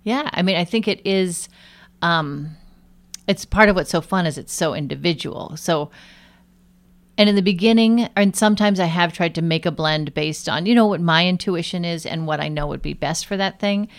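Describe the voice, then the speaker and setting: Woman interviewee, healthcare guest; deep, slightly fried voice; relaxed, animated, rambling delivery. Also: normal speed. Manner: chatty, animated storytelling with many fillers. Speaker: nurse and aromatherapist guest. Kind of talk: casual interview chat.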